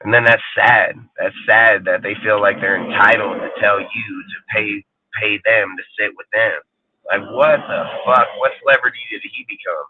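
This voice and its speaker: A man's voice: fairly low pitch, moderate pace, noisy background. A man hosting a live show, ranting angrily and swearing constantly, mocking other people's voices. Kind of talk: profane ranting live stream. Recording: tinny phone-like dry sound.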